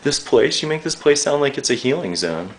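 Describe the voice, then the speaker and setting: A man's voice: mid-range voice, very animated, brisk, slight background noise. A young man interviewing a guest, rambling, joking and swearing freely as he gets emotional.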